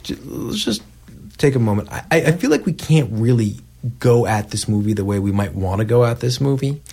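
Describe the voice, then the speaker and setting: Halting man breaking down a film. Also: medium pitch, expressive, gravelly, darkish tone. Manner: halting, restarts and stammers when building a point. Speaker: podcast co-host. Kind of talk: casual movie review chat.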